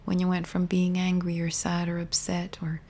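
A young woman speaking to viewers in a gentle, intimate way, often dropping into a whisper and circling back over her words. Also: on the low side, completely flat delivery, normal speed, a little hiss or hum. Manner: gentle, intimate, rambling with many restarts. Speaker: spiritual healing teacher. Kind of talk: soft, partly whispered reflective talk to viewers.

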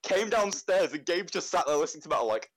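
A young man co-hosting a casual podcast chat, swearing freely and telling lively stories. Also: on the high side, quick pace, low-quality recording. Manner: swears freely, animated storytelling. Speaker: podcast co-host.

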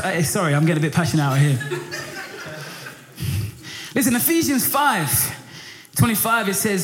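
A middle-aged man preaching a sermon in a lively, passionate way. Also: normal speed, pauses often. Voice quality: high for a man, lively and passionate, rising when pressed. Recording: echoey room with faint music.

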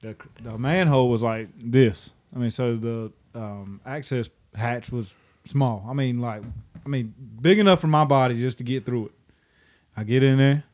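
A man's voice: medium pitch, normal speed, darkish tone. A man, joking around in casual chat.

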